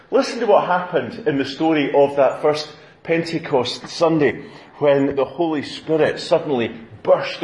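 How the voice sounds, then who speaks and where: A minister preaches and reads scripture in an animated storytelling manner. He drops playful asides into the reading. His voice sits a touch high for a man, and it rings through a roomy, echoing church.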